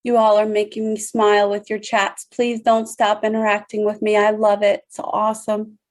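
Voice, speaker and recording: A woman's voice: medium pitch, monotone, moderate pace. A middle-aged woman, a leadership speaker, giving an emphatic motivational talk to an online audience over a video call, speaking straight to listeners and repeating phrases for weight.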